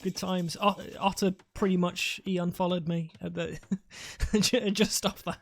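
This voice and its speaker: A man's voice: high-pitched, fairly even intonation, measured pace, gravelly. A British man doing live esports commentary, rambling and joking, often restarting his sentences. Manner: rambling, jokey, self-interrupting. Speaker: esports caster.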